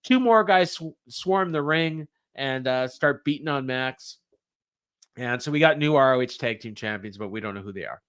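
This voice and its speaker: A man's voice: medium pitch, animated, moderate pace, a bit bright, clean tone. A man co-hosting a podcast, recapping a show in a rambling way with many fillers. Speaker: podcast co-host. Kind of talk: casual wrestling recap.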